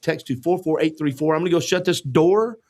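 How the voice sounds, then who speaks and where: A man's voice: a little high, brisk, darkish tone. A man hosting a casual charity podcast livestream, upbeat and chatty. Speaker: podcast host.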